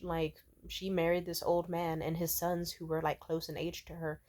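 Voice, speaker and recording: A woman's voice: fairly low pitch, a little mellow. A young woman giving casual commentary on fictional characters, blunt and profane in how she tells it. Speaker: video essayist.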